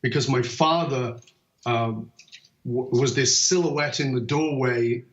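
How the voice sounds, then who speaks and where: A man's voice: medium pitch, slow pace. A man from the United Kingdom, a motivational speaker guesting on a podcast, tells stories in a conversational way. He acts out voices and often restarts with "um" and "uh". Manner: animated, acts out voices in anecdotes, frequent um and uh restarts. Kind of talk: conversational storytelling. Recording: roomy, dull lo-fi call audio.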